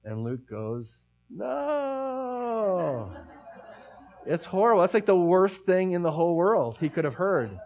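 A middle-aged man preaching a sermon as pastor, talking conversationally with many restarts and dropping to a hush for emphasis. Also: a little high, animated, moderate pace, few pauses, dull audio.

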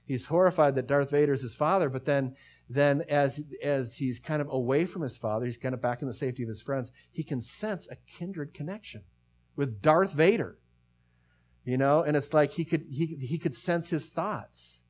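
A middle-aged man preaching a sermon as pastor, talking conversationally with many restarts and dropping to a hush for emphasis. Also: fairly high pitch, moderate pace.

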